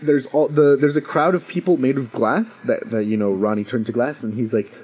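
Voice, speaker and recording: Young man excitedly retelling, lo-fi. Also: mid-range voice, a little fast, breathy edge. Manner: excited retelling, acts out the characters. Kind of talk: casual chat. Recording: dull lo-fi recording.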